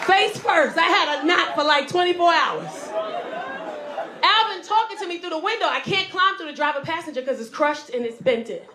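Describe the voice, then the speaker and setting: A woman comedian telling a story on stage in an animated way, acting out the voices and swinging between loud and soft. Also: very high voice, moderate pace, roomy sound, a faint crowd, slight background noise. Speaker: stand-up comedian. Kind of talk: stand-up storytelling.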